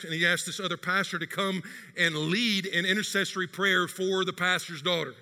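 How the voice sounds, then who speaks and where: A man's voice: high voice, fairly even intonation, a little fast, sharp tone. A male pastor preaching a sermon, retelling a story and speaking straight to his church congregation. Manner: storytelling, addresses the congregation directly. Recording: long hall reverb in a church.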